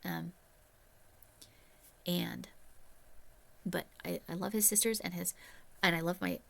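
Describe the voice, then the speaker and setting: A woman's voice: fairly low pitch, fairly even intonation, slow pace, vocal fry. A middle-aged woman, a retired teacher, talking candidly and chattily to her viewers in a casual vlog. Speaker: retired teacher turned crochet YouTuber. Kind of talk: casual vlog chat to camera.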